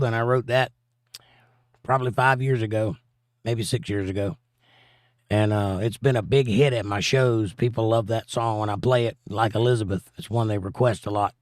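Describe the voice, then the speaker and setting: A man hosts a casual livestream, reading viewer comments aloud and answering them offhandedly. His voice is mid-range, and the clean studio sound has no echo.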